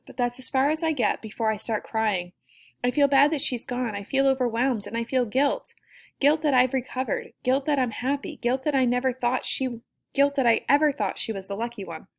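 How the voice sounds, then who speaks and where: A woman reading a first-person audiobook in a soft, reflective way. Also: fairly high pitch, expressive, normal speed, gravelly. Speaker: audiobook narrator.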